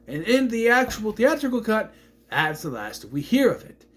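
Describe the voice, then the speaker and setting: A man casually recapping a movie, rambling with fillers and slipping into quick voice impressions. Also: high-pitched, very animated, fairly bright tone.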